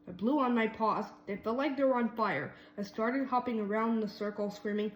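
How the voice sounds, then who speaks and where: Woman reading a kids' story aloud, slightly high voice, lively, in a roomy space. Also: normal speed. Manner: lively, voices each mouse character. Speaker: reader.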